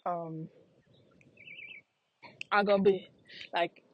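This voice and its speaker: A young woman from the States chats in Jamaican patois, circling back to repeat her points. Her voice sits at an ordinary middle pitch, pulled a little lower for the patois. The recording sounds slightly dull and lo-fi. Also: normal speed, a little hiss or hum. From United States. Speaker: vlogger. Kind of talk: casual monologue. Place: outdoors on a walk.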